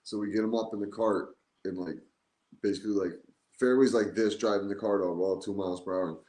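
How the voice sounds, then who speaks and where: A man co-hosting a podcast in a casual chat, telling an animated story full of "like". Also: lowish voice, a little fast. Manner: animated storytelling, heavy use of "like". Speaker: podcast co-host. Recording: echoey room.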